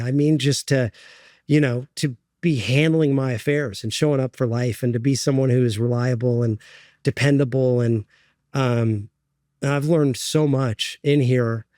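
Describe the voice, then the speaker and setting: A middle-aged man speaking as an interview guest in a dry, close room, earnest and halting, with frequent ums and restarts. His voice sits at an ordinary pitch, and the story comes out in short broken phrases. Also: darkish tone, no echo. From United States.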